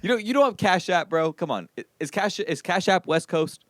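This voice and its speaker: Teasing man, expressive pitch, dry mic. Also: fairly quick, no room sound. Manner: teasing, laughs often. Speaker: podcast co-host. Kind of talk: comedic podcast banter.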